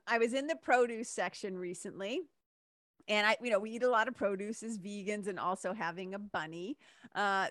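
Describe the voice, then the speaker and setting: A woman with a mid-range, slightly bright voice hosts her own podcast, chatting enthusiastically and laughing often in a casual solo monologue. The studio-quality recording has no echo.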